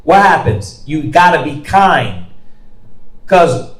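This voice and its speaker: A man's voice: on the high side, big pitch swings, slow. A man leading a bible study discussion, firing off rhetorical questions and call-and-response prompts in a colloquial way. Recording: roomy echo.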